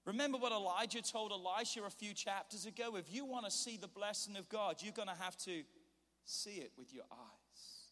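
A man preaching a sermon, telling a scripture story and acting out its scenes with animated voices. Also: high voice, a little fast, hardly any pauses. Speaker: pastor. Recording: long hall reverb.

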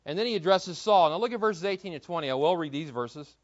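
A man's voice: fairly high pitch, lively intonation, fast, dull audio. A man preaching an expository Bible sermon in a conversational way, asking the congregation questions as he retells the story. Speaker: pastor.

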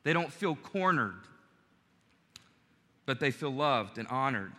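A man's voice: medium pitch, very animated, takes it slowly, sharp tone, big-room sound. A man preaching a sermon in a conversational way, acting out quoted lines as he goes. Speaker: pastor.

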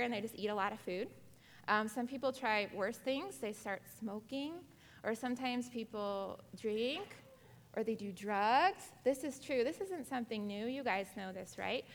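Woman, Bible class teacher, higher voice, long reverb. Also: a little slow. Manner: asks the class many questions; animated, acts out quotes. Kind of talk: Bible lesson to girls.

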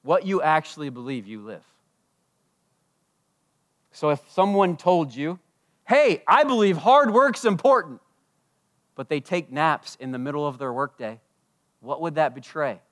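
Impassioned preacher man, slightly high voice. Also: a little slow, long pauses. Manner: impassioned, swings between loud and hushed. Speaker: pastor. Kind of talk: sermon. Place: church service.

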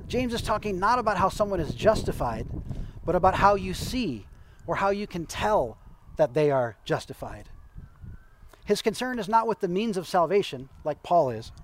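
A man preaching a sermon in a conversational, explanatory way, with the odd touch of light humor. His voice sits a little higher than most men's. A faint hum of noise runs under the recording. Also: big pitch swings, moderate pace, rough recording. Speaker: pastor.

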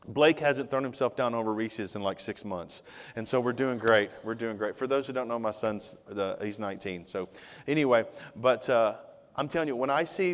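A man in his forties, a pastor, preaching a sermon in a loose, conversational storytelling way with sudden loud bursts. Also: medium pitch. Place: church sanctuary. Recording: reverberant hall.

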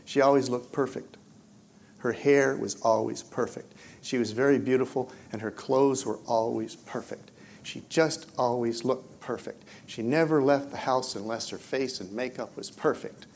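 A man preaching in a church, telling a story in an animated way and swinging from loud excitement to hushed near-whispers. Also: medium pitch, normal speed, a little hiss or hum. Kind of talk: storytelling sermon.

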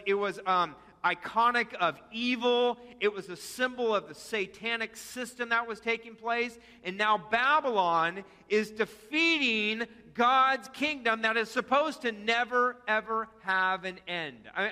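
A man's voice: high-pitched, bright, forceful tone. A senior pastor giving a conversational sermon to his congregation, with fillers and calls to repeat after him. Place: church sanctuary. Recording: long hall reverb.

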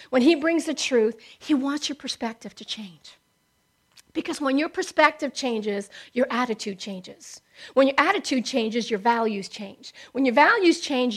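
Bright, high-voiced woman preaching. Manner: impassioned, rising to emphatic declarations. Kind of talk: sermon.

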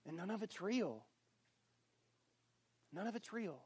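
A man with a high voice delivers a camp sermon, earnest and building to emphatic points. He often repeats and restarts his phrases as he works toward them. The sound is dry and close, with no room echo. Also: big pitch swings, unhurried, pauses often, darkish tone, breathy edge. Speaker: camp speaker.

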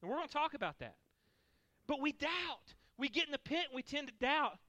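A man's voice: very high-pitched, big pitch swings, a little fast, bright, forceful tone, no echo. A male pastor preaching a sermon, emphatic, repeating key lines for the congregation.

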